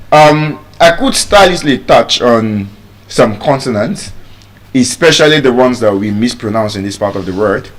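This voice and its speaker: A man with a Nigerian accent teaching English pronunciation, drilling words by repeating them. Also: medium pitch. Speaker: pronunciation coach. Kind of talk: spoken English lesson.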